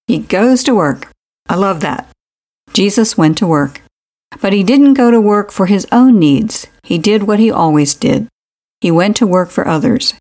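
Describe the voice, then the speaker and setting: Female host; calm, reflective devotional commentary at an average pitch. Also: moderate pace.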